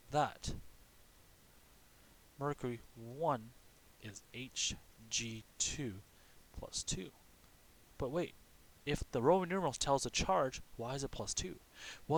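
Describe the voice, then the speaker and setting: A male teacher with a lively, swinging pitch walks through a lesson one step at a time. He poses his own questions and answers them, dropping in frequent "okay?" check-ins. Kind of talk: recorded classroom lesson.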